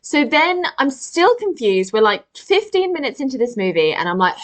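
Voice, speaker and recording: A woman's voice: high-pitched, big pitch swings, normal speed, hardly any pauses. A woman co-hosting a film podcast, chatting casually with lots of "like" and acted-out quotes. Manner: chatty, full of "like", acts out quotes. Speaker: podcast co-host. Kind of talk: casual chat.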